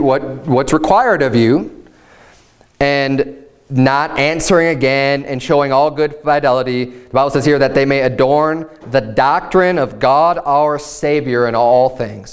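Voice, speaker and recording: A male pastor delivers a sermon in a voice pitched a little above most men's. He talks earnestly, slipping into relaxed asides and fillers, then draws his words out and lifts his voice when he drives a point home. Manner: earnest preaching, rising higher and drawing words out for emphasis.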